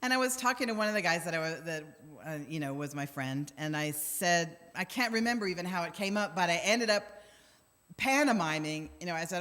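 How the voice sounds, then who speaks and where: Amid the long reverb of a church sanctuary, this middle-aged minister shares wry stories at her own expense, voicing the quotes as she preaches conversationally. She speaks at a moderate pace in a fairly low, slightly bright voice.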